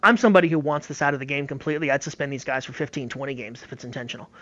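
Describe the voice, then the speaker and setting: A man's voice: mid-range voice, racing, a bit bright. A man talking baseball in a casual, emphatic and opinionated way. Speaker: baseball analyst. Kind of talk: casual sports talk. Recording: slightly dull lo-fi audio.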